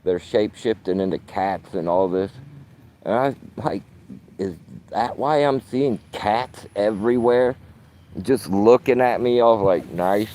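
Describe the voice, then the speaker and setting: A man's voice: fairly low pitch, unhurried, mellow. A man talking casually to his phone camera in a park, rambling and swearing with streetwise slang. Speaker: vlogger.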